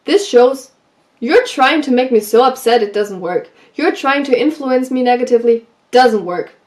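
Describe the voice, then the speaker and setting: A woman vlogger giving advice in a casual, animated way, telling stories from her school days and acting out what people said. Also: high voice, moderate pace. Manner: animated, acts out quoted lines. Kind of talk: casual storytelling advice vlog.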